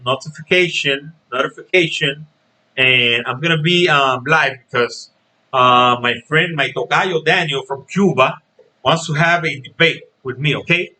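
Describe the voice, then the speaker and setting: A man hosts his own boxing vlog, talking casually and straight to his viewers. His voice sits a bit high and sounds bright and sharp. He hammers his points home by repeating them and checking in with "okay?". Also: low-quality recording. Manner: emphatic, repeats phrases and asks "okay?". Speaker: boxing channel host.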